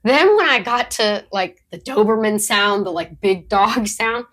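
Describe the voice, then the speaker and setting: A talkative woman on a podcast, sharing dog-training stories in an easygoing way. She laughs often and breaks into quick quoted asides. Her voice sits at an ordinary middle pitch. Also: lively intonation, fairly bright tone. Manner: chatty storyteller who laughs often; acts out her dog's thoughts in quotes. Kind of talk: casual podcast chat.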